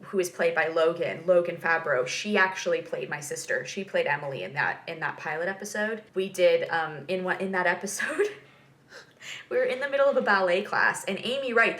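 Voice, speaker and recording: A woman's voice: fairly low pitch, fairly bright tone. A young woman hosting a vlog, chatting casually and laughing often as she reacts to a TV episode. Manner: chatty and giggly, lots of fillers and asides.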